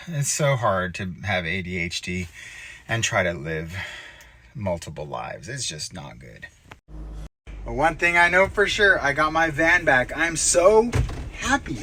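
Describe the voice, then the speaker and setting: A man's voice: mid-range voice, big pitch swings, a little slow, background noise. A man, a real estate agent, chatting casually and self-deprecatingly to the camera while he drives around. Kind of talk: casual driving vlog. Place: in a car.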